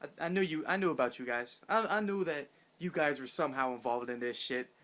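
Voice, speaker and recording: A man's voice: on the high side, a little fast, fairly bright tone, lightly acted. Brief: man putting on a cocky, cursing manga villain boss, taunting and boastful. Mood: mocking, boastful. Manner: taunting, profane, slangy.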